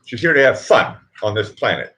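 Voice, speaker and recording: With a medium-pitched, very animated voice that's bright, forceful and a little fast, a middle-aged man hosts a casual live stream. He rambles to viewers, keeps interrupting himself, and chuckles at his own jokes.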